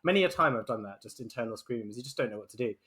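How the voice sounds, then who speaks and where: A man's voice: medium pitch, lively intonation, rapid-fire, bright, forceful tone. Giggly man chatting on a podcast. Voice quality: giggly, rambling delivery with many fillers. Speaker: podcast co-host. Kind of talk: casual chat.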